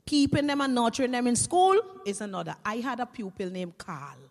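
A Vincentian woman, a teacher, telling comic stories to an audience in a lively, animated way. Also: fairly high pitch, fairly quick, in a large hall. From Saint Vincent and the Grenadines. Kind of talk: comic stage storytelling.

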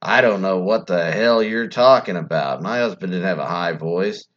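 A man's voice: low voice, moderate pace, fairly bright tone, highs cut off. A man voicing a flustered grieving widow.

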